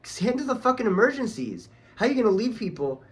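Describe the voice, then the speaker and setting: A man's voice: very high-pitched, sing-song, fast talker. A man ranting heatedly on his vlog, swearing a lot and talking in a casual, angry way. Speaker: vlogger.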